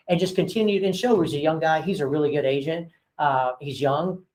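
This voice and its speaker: With a fairly high, darkish voice, the man talks a little fast with few pauses, on a rough recording. He's a broker and owner giving his agents a casual training, telling frank stories and playing out phone calls in voices, chatty and full of fillers.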